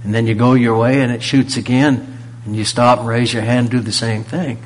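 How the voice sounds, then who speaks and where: A man preaching a sermon, pressing rhetorical questions and swinging from loud emphasis to a near-whisper. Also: mid-range voice, little pitch movement, normal speed, a little hiss or hum.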